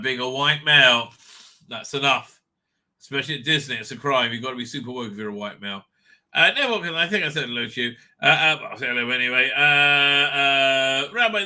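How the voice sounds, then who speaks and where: Sharp-toned and a little high, his voice carries an exasperated, heavily profane rant on his livestream. Along the way he reads chat messages aloud, names included.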